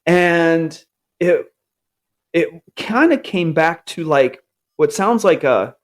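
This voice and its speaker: Guy in his 40s telling a personal story, really open and earnest, voice jumps all over the place. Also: takes it slowly. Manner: earnest, animated, acts out upbeat self-talk in a higher voice.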